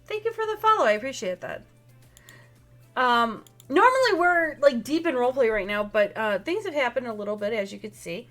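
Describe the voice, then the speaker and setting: A woman runs a tabletop vampire game and chats loosely with her players and viewers. Her voice sits a little high, and she fills pauses with ums and quick apologies. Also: sing-song, a bit bright, soft background music. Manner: chatty, apologetic, many fillers. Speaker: storyteller, game master. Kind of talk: casual chat streaming a tabletop game.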